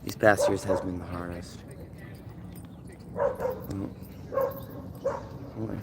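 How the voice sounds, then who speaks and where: A man's voice: low-pitched, level tone, drawn-out words. A man live streaming outdoors from a dog park, chatting loosely and reading chat aloud while he walks. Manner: rambling, reads chat aloud, talks to dogs. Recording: faint outdoor noise, dogs barking. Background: dogs and faint outdoor ambience.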